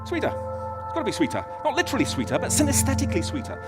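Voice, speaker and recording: A man giving a conference talk in a large auditorium, animated, with many fillers and restarts. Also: very high-pitched, very fast, loud music behind the voice. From United Kingdom. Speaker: conference speaker. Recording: long hall reverb.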